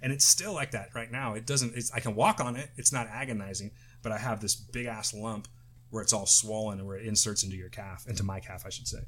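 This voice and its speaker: Still worn out from the flu, this middle-aged man co-hosts a podcast in loose, casual talk, cursing and often starting sentences over. He speaks fairly quickly in a fairly low, slightly bright voice.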